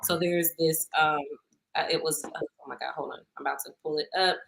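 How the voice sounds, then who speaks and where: A woman in her 30s with a low, creaky voice speaks a little fast, with a slight hiss or hum in the recording. As a podcast co-host in a casual chat, she tells animated stories, laughing often and acting out what people said.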